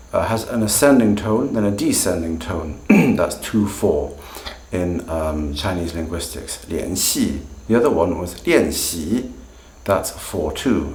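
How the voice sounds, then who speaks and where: A man's voice: low-pitched, a little mellow. A man teaching pronunciation, explaining tones and acting them out by repeating phrases with exaggerated rises and falls. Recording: roomy echo.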